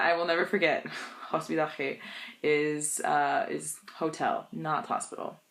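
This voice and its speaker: A woman's voice: low voice, fairly bright tone. A young woman, an English speaker, vlogging in a casual storytelling style, laughing often as she talks.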